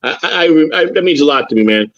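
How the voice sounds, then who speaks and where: A man's voice: a little high, animated, quick pace, highs cut off. An older man talking on a live stream as a guest, rambling and frank, with frequent stammered restarts. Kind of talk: casual chat.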